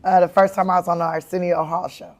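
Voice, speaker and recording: Comedian lady in her 40s, aave, tells stories all animated, laughs a lot, pitch jumps up when she quotes herself. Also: fast talker. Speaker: comedian and actress, interview guest. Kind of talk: candid storytelling in an interview.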